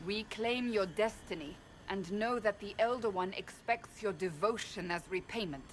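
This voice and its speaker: A woman's voice: medium pitch, moderate pace, slight background noise, close to an everyday voice. An actress voicing a grim, resolute woman warrior in a video game, speaking in a firm, clipped and serious way. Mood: grave. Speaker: game character.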